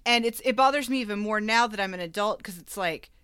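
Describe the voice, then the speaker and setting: A woman co-hosting a podcast, retelling film scenes in a lively, chatty way, full of "like" and laughs. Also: medium pitch, fast, clean tone, dry recording, clean studio sound. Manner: animated storyteller, frequent "like", laughs. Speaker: podcast co-host. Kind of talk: casual chat.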